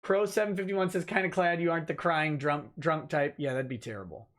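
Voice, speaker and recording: Male lawyer host, high-pitched, casual livestream chat, dry short answers. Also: fairly quick, fairly bright tone. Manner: dry, offhand replies to chat. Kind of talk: casual livestream chat reading viewer comments.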